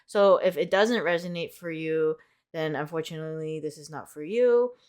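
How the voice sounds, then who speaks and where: A woman's voice: deep voice, normal speed, darkish tone, clean tone. A young woman reading tarot in a casual, rambling vlog, upbeat and full of "like" fillers. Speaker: tarot reader.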